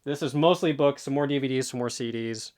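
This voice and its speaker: A man's voice: medium pitch, brisk, darkish tone. A man talking casually to the camera as a reselling vlogger, offhand and rambling, a bit out of breath. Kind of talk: casual vlog talk.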